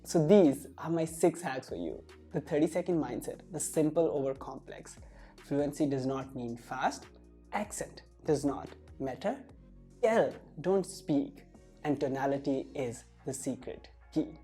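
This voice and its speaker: A woman's voice: low-pitched, animated, a little slow, dark tone, faint music behind. A woman tutoring for a speaking exam, talking straight to the viewer and leaning hard on key words for emphasis. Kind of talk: direct-to-camera teaching.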